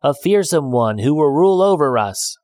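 A man's voice: fairly high pitch, lively intonation, moderate pace, a little mellow, dry recording, clean studio sound, pitched above the performer's own voice, natural voice. A man voicing a bunch of fussy, discontented little frogs in a storybook reading, with a whiny, pleading manner.

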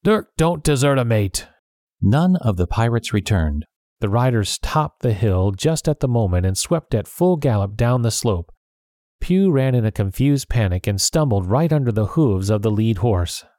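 Man with a low, mellow reading voice. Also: moderate pace, no echo, clean studio sound. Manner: steady, plain first-person reading. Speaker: audiobook narrator. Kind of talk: storybook narration.

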